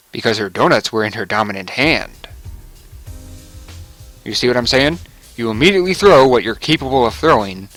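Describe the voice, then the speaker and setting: A man's voice: medium pitch, a bit bright, no room sound, rough recording. A young man giving casual, rambling commentary over a game he plays, chuckling and correcting himself as he goes. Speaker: gaming video commentator. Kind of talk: casual let's play commentary.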